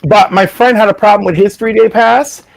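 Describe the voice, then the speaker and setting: A comedian man with a high voice trades jokes in a loose, casual chat. He is animated and swears freely as he talks. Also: moderate pace, creaky. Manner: animated, profane, joking. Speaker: comedian, co-host.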